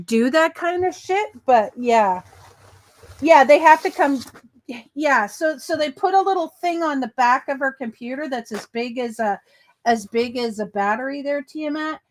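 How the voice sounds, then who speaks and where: A woman hosting a laid-back reaction commentary with a high voice. She speaks slowly and loosely, swears freely and answers viewer comments as she goes. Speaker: commentary channel host.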